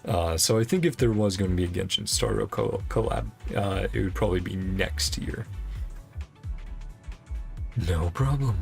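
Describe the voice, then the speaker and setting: A man's voice: on the low side, moderate pace, vocal fry, long pauses, faint music behind. A man streaming a video game, chatting casually and rambling with frequent chuckles. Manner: relaxed, rambling, chuckles often. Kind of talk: casual gameplay commentary.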